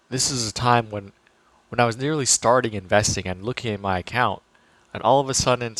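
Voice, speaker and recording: A finance vlogger talks casually to camera about investing, chatty and loose, full of fillers and restarts. His voice is medium-pitched with a fairly bright tone, recorded dry.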